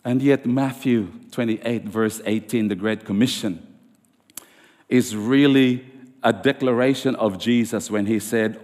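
A man preaching a sermon as pastor, emphatic and rising high on key lines. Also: steady tone, moderate pace, a little mellow. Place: church sanctuary. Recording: long reverb of a church hall.

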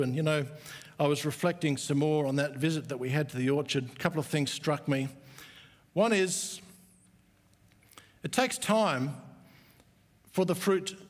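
A middle-aged man preaching a sermon, earnest, slowing down to stress key words. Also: a little high. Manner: earnest, slow emphatic stresses with warm asides. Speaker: pastor. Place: church auditorium. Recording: echoey church hall.

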